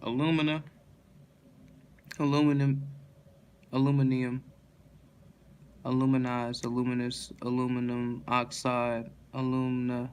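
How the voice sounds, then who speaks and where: A tired man reading dictionary words one after another in a flat monotone, stumbling and restarting now and then. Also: medium pitch, a little hiss or hum. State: yawning, tired.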